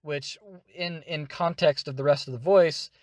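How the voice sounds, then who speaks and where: Energetic man teaching voice acting. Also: on the high side, measured pace, dry recording, clean studio sound. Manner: energetic, demonstrative. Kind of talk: tutorial explanation.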